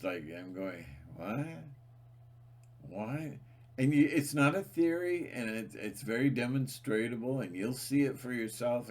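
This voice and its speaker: A man talking straight to his viewers in a rambling, emphatic monologue, often repeating himself and restarting sentences. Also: lowish voice. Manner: emphatic, repetitive, many restarts and fillers. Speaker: channel host.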